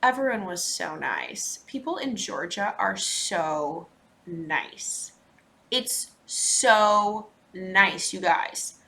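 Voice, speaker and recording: A woman from Minnesota hosts her podcast in a casual, chatty recap. Her voice is bright and forward at a middle pitch. She talks in lively bursts and drops into quiet asides. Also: drawn-out words, vocal fry. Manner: chatty, animated, frequent laughs and asides. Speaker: podcast host.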